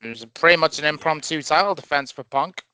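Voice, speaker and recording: A man's voice: on the high side, quick pace, clean tone, no echo. A man co-hosting a casual wrestling podcast, giving firm opinions. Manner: animated, opinionated. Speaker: podcast co-host.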